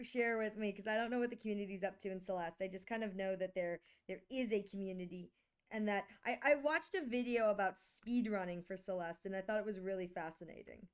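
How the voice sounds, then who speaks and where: A woman's voice: mid-range voice, clean tone. A sick woman streamer chatting casually and playfully, reading her chat aloud.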